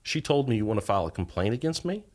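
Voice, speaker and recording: On a podcast, a middle-aged man who once worked as a federal agent tells a lengthy tale at a quick clip. His voice sits in the mid range, and he performs each character's dialogue with lively flair.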